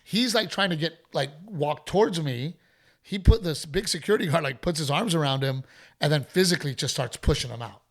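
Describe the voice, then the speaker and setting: A middle-aged man hosting a podcast, telling a story in a casual, animated way and acting out other people's voices. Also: a little high, a little fast. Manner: animated, acts out heckler voices. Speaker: podcast host.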